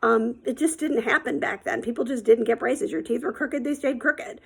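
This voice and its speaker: A woman's voice: fairly high pitch, moderate pace, gravelly, husky. A middle-aged woman telling a personal story in a casual, rambling way, with many ums and likes.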